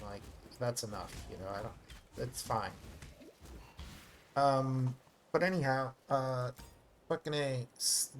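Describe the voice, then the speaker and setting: Guy streaming a game, rambly and filler-heavy, mid pitch, faint hum behind. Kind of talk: casual live-stream chat.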